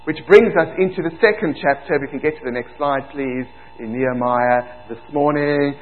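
A South African man preaches a sermon from the pulpit, earnest and rising to emphatic points. His voice sits a little high for a man. The recording sounds thin and phone-like. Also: moderate pace, a little hiss or hum. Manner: earnest, building to emphatic exclamations. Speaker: pastor.

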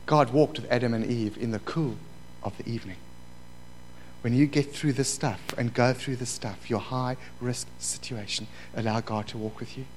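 A middle-aged man preaching a sermon, moving from quiet asides to loud, fervent passages. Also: mid-range voice, low-quality recording. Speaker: pastor. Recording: faint mains hum.

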